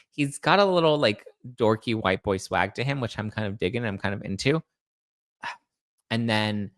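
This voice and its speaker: A male celebrity gossip host with a lowish but fairly bright voice and no room sound chats casually through viewer comments. He rambles, stays chatty, and keeps starting over and fixing what he just said.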